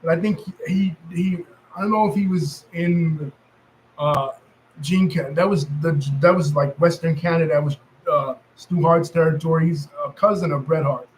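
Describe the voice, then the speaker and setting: A man's voice: on the high side, steady tone, normal speed, a little hiss or hum, rough recording. A man with a New York accent telling wrestling history in a loose, rambling monologue, full of fillers and self-corrections. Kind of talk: casual storytelling monologue.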